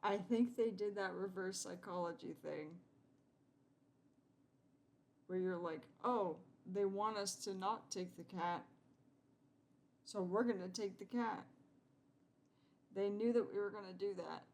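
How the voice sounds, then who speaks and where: A woman playing through a game, reading its text aloud and reacting to it in an animated way. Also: medium pitch, a little slow, long pauses. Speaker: gameplay streamer.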